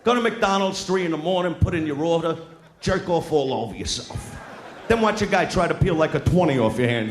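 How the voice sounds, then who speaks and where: A man doing a crude stand-up routine in front of a live audience. He is loud and brash, taunts people in the crowd and often shouts. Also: fairly high pitch, expressive, a little fast. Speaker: stand-up comedian. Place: large live venue with an audience. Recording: echoey live show with crowd noise.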